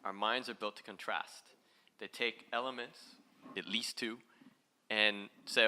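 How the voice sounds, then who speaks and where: A man with a very bright, ringing voice gives an inspirational talk on stage. He is playful and animated, his pitch and volume leaping as he puts questions straight to the crowd. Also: unhurried, slight background noise. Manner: playful and animated, with big jumps in pitch and loudness; addresses the audience directly with questions. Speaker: motivational speaker.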